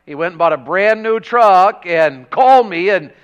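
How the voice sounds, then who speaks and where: A man preaching a revival sermon in a church, telling folksy country stories and rising to shouts. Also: sits high, animated, normal speed, smooth, muffled recording. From rural Tennessee.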